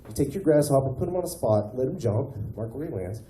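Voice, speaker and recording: A man performing a rambling stand-up comedy set on a small club stage, telling animated stories and tossing in "man" often. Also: medium pitch, fast talker, slight background noise. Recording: echoey club room with faint ambience.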